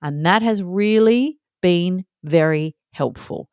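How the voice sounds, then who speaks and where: A woman's voice: on the low side, takes it slowly, darkish tone, clean tone, no echo, studio quality. A woman in her thirties hosting a candid solo podcast, chatty and self-deprecating, acting out little scenes in her talk. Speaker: podcast host.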